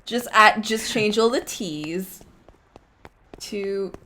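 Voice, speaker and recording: A woman's voice: medium pitch, drawn-out words, bright, forceful tone, poor audio. A woman hosting a live game stream, chatting casually, playful and teasing, laughing often. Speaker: streamer and host. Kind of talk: casual chat while gaming.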